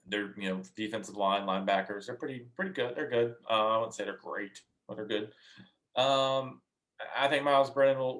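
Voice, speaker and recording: A man co-hosts a relaxed sports podcast and works through his predictions out loud. He restarts often, repeating words as he thinks, and fills gaps with hesitations. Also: medium pitch. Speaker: podcast co-host. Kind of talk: casual sports chat.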